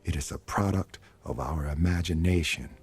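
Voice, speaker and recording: An actor playing a stern adult commander and father, speaking film dialogue in a slow, grave, deliberate way. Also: extremely low pitch, soft background music. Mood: solemn.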